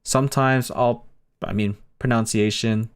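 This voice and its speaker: Speaking unhurriedly in a fairly low, clean-toned voice with fairly even intonation, a young man on a stream chats about his plans. He has a Filipino and Bay Area accent and rambles, saying um a lot and correcting himself as he restarts.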